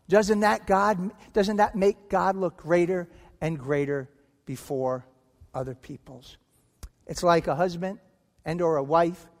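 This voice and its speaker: A man preaching a sermon as pastor, emphatic, acting out quoted voices in a church sanctuary. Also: sits high. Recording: long hall reverb.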